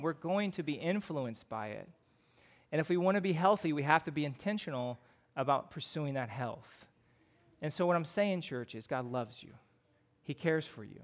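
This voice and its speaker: Conversational Midwestern pastor preaching. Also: male voice, a little high, animated, normal speed. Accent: Midwestern American. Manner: conversational, with fillers and frequent rhetorical questions. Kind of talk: sermon.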